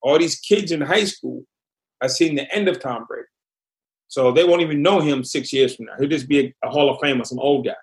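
A man's voice: fairly high pitch, a little fast. A man from Massachusetts, a former prisoner, telling his story bluntly in an interview.

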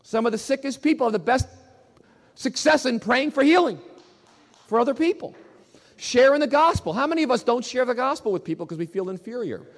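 A male pastor preaching a sermon in an emphatic, animated way, often repeating his words. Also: extremely high pitch, brisk, in a large hall.

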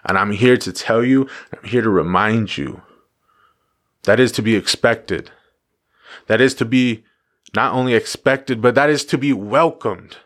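Speaking a little slowly in a mid-range voice, this man delivers a laid-back motivational talk as a vlogger. Repeated phrases drive each point, with some casual profanity thrown in.

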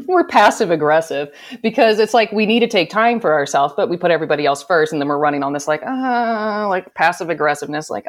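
A woman's voice: fairly low pitch, expressive, fast, few pauses. A woman guest speaking about self-love in an emphatic, heartfelt way, with frequent "like" fillers. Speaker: podcast guest. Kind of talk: spiritual self-help conversation.

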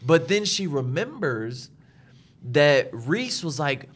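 A man's voice: on the high side, takes it slowly. A young man co-hosting a podcast, telling a family story in casual chat, laughing often and acting out other people's lines. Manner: animated storyteller, laughs often, acts out his wife's lines. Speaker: podcast co-host.

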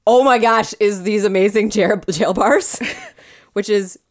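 A woman's voice: mid-range voice, a little slow. A woman co-hosting a casual chat, gushing and playful, cooing over cute things. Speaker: podcast co-host.

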